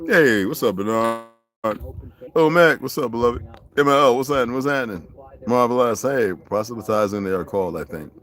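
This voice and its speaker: A man's voice: medium pitch, fairly quick, a bit bright. Profane, preachy male livestream ranter. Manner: greets viewers by name. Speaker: livestream host. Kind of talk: livestream rant.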